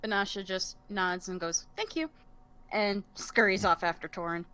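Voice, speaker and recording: A woman's voice: medium pitch, level tone, normal speed, pushed and bright, smooth. A woman playing a tabletop game, narrating her character's actions in the third person. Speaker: player. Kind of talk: tabletop role-play.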